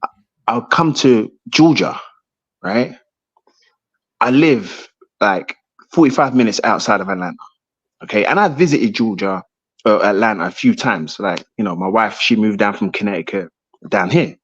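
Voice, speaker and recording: A man's voice: lowish voice, expressive, normal speed, long pauses, breathy edge, highs cut off. A man from the United Kingdom in a heated casual debate, often repeating himself and checking in with "right?".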